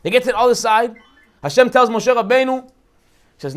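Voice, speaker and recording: A rabbi gives a lively lesson on the weekly Torah portion and tells it as a story full of acted-out voices and jokes. His voice sits very high for a man, and he talks at a fast clip. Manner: animated storytelling, acts out quotes, jokes.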